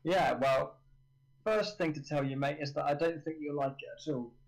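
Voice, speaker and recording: A man's voice: on the high side, normal speed, rough recording. A young man, a university student, chatting casually as a stream guest in a laid-back, dry way. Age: young adult.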